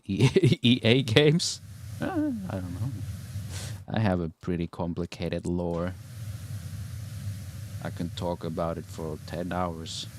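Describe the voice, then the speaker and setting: A man's voice: lowish voice, slight background noise. A man streaming a game and chatting casually, laid-back and rambling, swearing and laughing often. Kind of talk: casual chat while gaming.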